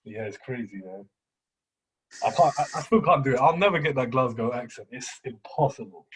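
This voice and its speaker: A young man co-hosting a casual podcast chat, slangy and quick to laugh, often repeating his words. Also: mid-range voice, expressive, a little hiss or hum. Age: young adult. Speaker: podcast co-host.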